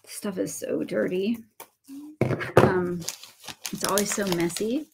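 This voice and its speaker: This clip has a noisy background behind a slow, creaky woman's voice of medium pitch and fairly even intonation. She's a Southern American woman in her thirties running a casual craft livestream, meandering through anecdotes full of fillers and jabs at herself.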